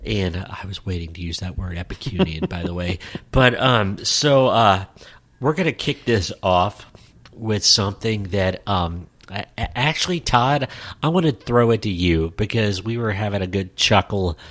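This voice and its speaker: A man's voice: on the low side, animated, normal speed, a bit bright. A middle-aged man co-hosting a casual podcast chat, jokey and playful, rambling with fillers. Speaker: podcast co-host.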